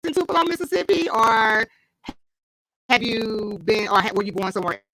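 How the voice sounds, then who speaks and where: A woman's voice: fairly high pitch, expressive, normal speed, a bit bright, slight background noise, low-quality recording. A woman hosting a live online interview, effusive and chatty, laughing often, talking into a computer mic. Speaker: host. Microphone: computer mic, live stream.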